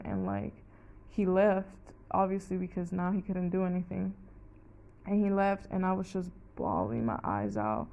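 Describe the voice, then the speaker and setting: A woman's voice: medium pitch, warm tone, dull audio. A young woman telling a personal story casually, rambling, with many "like"s and plenty of swearing. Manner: rambling, fillers of "like", heavy swearing.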